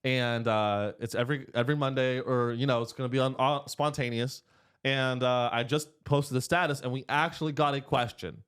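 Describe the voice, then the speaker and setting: This podcast host is a man in his thirties running a laid-back comedic show in a studio. His voice is steady, slightly bright, and clean, at an ordinary speed, while his talk is rambling, crude, full of jokes, and all over the place in pitch.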